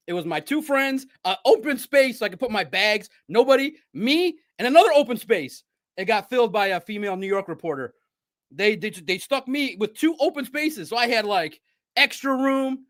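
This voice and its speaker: A sports podcast host runs a live recap stream, rambling excitedly and laughing a lot. His voice is high and bright, and he swings between loud outbursts and mumbled asides.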